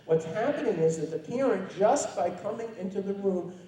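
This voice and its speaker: A man's voice: high-pitched, animated, normal speed, warm tone. Echoey far-off man giving a lecture. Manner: conversational, wry storytelling with emphatic stresses. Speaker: lecturer to parents. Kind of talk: public lecture. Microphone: distant from the microphone. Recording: very echoey hall, voice picked up from afar.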